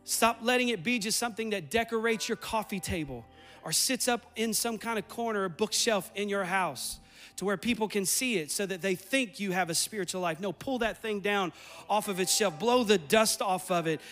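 In a church sanctuary, a pastor with a high-pitched, slightly bright voice preaches a sermon at normal speed, faint music playing behind him. He builds intensity through repetition and urgency, then leads a prayer.

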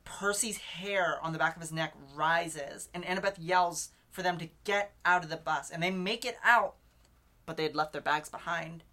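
A woman's voice: lowish voice, moderate pace, pushed and bright. A woman co-hosting a casual book podcast, recapping chapters in a chatty way full of "like" and "literally". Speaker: podcast co-host.

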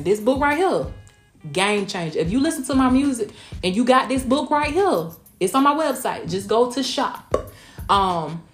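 Southwest Georgia country woman, emphatic. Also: medium pitch. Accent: rural Southwest Georgia. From Blakely, Georgia, US. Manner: folksy, emphatic, calls listeners honey and y'all. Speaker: podcast host. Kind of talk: casual motivational podcast chat, also streamed live. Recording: roomy echo with faint music behind.

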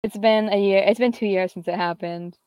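A woman's voice: medium pitch, steady tone, fairly quick, a little mellow, clear, resonant tone, no echo. A teenage girl chatting casually, telling a long story full of fillers and quoted back-and-forth. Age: teens. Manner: rambling, filler-heavy, quotes others. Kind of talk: casual chat.

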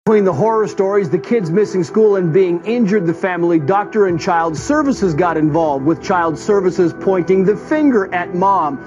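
A man reading scripted documentary narration in a steady, measured way. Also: sits high. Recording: muffled clip with music underneath.

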